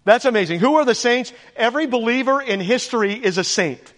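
High-voiced emphatic pastor in an echoey hall. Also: male voice, a little fast, a bit bright. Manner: emphatic, rises for stress, asks the congregation questions. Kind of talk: sermon. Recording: echoey church hall with long reverb.

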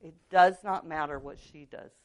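A woman's voice: deep voice, normal speed. A middle-aged woman from California teaching biblical counseling, talking earnestly and conversationally as she shares a personal story. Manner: earnest, conversational, frequent "um" and "right?". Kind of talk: teaching talk with personal testimony.

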